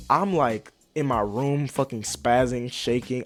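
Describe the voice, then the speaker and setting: A man's voice: mid-range voice, big pitch swings, moderate pace, faint music behind. A young man telling a personal story in a casual, rambling way. He swears a lot, uses slang and keeps addressing his viewers.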